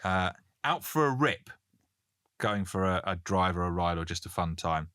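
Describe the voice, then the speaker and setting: A British man with a British English accent co-hosts a podcast in Canada, chatting casually, joking around and reading listener messages aloud. His low-pitched voice is expressive, a bit bright, clear and resonant at normal speed, recorded at studio quality with no room sound.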